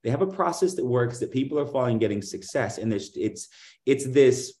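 A middle-aged man talks through sales stories at a comfortable middle pitch. He keeps saying "like" and "right?" and jumps into other people's voices as he tells them. It sounds loose and conversational, like someone talking off the cuff. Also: fast, echoey room. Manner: animated, acts out dialogue in other voices; many fillers like "like" and "right?". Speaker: guest, insurance agency owner. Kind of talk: casual interview, storytelling.

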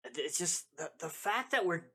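Excitable, laughing podcast man. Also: on the high side, normal speed, husky. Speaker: podcast co-host. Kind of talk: casual podcast chat.

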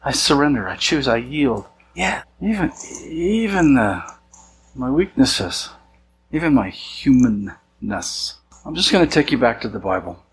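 A man's voice: medium pitch, sing-song, measured pace, slight background noise, low-quality recording. Conversational man preaching a sermon. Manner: conversational preaching, acts out quoted voices. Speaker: pastor.

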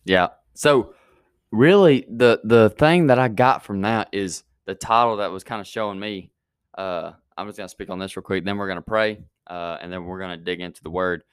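A man's voice: on the low side, moderate pace, smooth, no echo, clean studio sound. A man hosting a youth church podcast, rambling with many fillers and restarts, then praying. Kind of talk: casual chat and prayer.

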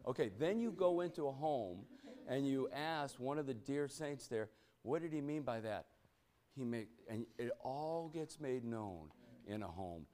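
His warm, mid-range voice is animated but unhurried. Leading a church Bible study, he preaches emphatically, fires rhetorical questions at the group, keeps asking "you know what?", and breaks into exclamations.

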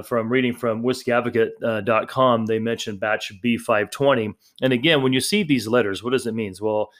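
A man with a fairly low voice talks casually on his own podcast. He rambles in a friendly, chatty way, doubling back on his words and filling pauses as he goes. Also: fairly bright tone. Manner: rambling, chatty, frequent fillers and restarts. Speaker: podcast host. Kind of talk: casual solo podcast talk.

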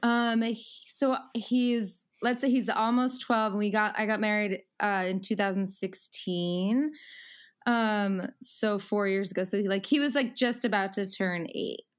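A woman's voice: mid-range voice, fairly even intonation, unhurried, clean tone. A woman in her thirties talking casually as a podcast guest, rambling with many fillers and frequent laughs.

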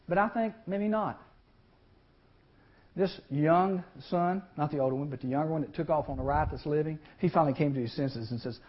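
Animated man preaching, lo-fi sound. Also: fairly high pitch. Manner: animated, acts out voices in the story. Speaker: youth speaker. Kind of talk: storytelling sermon. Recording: lo-fi recording.

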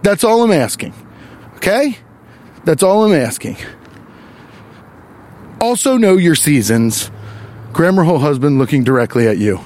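Walking along a wooded trail, a podcast host delivers an animated, profane, exasperated comic rant. His voice is a little high, and he speaks a bit slowly with long pauses.

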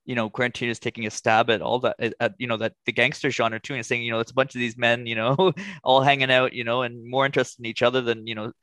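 A man's voice: medium pitch, steady tone, fast talker, hardly any pauses, a bit bright, no room sound. A man co-hosting a podcast, chatting about a movie, laughing often and repeating himself. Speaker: podcast co-host. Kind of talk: casual movie discussion.

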